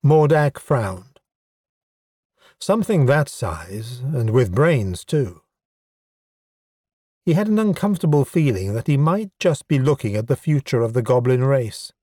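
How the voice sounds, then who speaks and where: Male audiobook narrator, unhurried and wry; dry, close studio read. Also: medium pitch, big pitch swings, mellow, no echo. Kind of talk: scripted narration.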